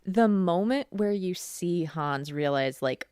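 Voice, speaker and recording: A woman's voice: on the low side, animated, slow, darkish tone, clear, resonant tone, no room sound, studio quality. A woman co-hosting a film podcast, talking in an enthusiastic casual chat full of fillers. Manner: enthusiastic, lots of "like". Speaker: podcast co-host.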